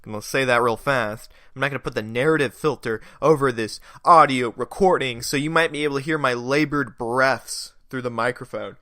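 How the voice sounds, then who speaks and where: Young dude talking solo into a close mic, rambly and jokey, a bit stuffed up, bright voice, dry sound. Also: male voice, mid-range voice, fairly quick, few pauses, dry recording. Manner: rambling, self-deprecating, joking. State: stuffy nose. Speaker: podcast host. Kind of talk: casual solo podcast monologue.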